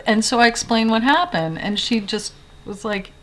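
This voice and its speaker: A woman's voice: fairly high pitch, moderate pace, a bit bright. A woman, chatting casually to a handheld camera in her bedroom, rambling with lots of fillers and self-corrections. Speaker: video blogger. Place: bedroom in an old house.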